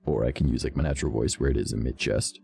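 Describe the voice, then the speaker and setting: A man's voice: racing, vocal fry, mellow, husky. A man streaming live in casual chat, a voice actor explaining how he uses his voice. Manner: jumps between natural voice and higher put-on voices.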